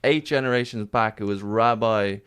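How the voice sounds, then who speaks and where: A man in relaxed chat, telling stories in a meandering way and often restarting. His low voice is smooth and clear. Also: normal speed. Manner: rambling storyteller with many restarts. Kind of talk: casual chat.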